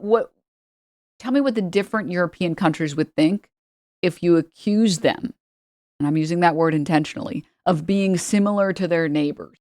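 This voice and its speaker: A woman's voice: lowish voice, moderate pace, a little mellow, dry recording, studio quality. A woman giving sarcastic, profane reaction commentary on an interview clip. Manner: sarcastic, profane, mocking impressions. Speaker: commentary streamer.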